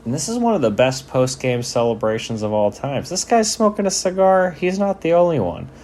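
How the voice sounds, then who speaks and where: A man's voice: fairly high pitch, sing-song, a little fast, darkish tone, a little hiss or hum. A man giving casual, joking commentary over game footage, laid-back and swearing freely. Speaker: sports video commentator.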